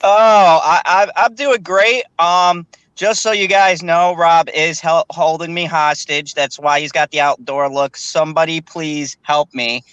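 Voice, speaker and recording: Bright, high-voiced ranting man. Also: a little slow, hardly any pauses, smooth, no echo, lo-fi sound. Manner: animated, stammering, ranting. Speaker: regular co-host. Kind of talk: casual ranting chat.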